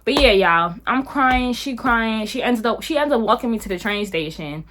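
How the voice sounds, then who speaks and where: Young New woman vlogger, brightish pitch, profane and chatty, storytime delivery. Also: normal speed. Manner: profane, animated, lots of filler words. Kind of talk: casual storytime.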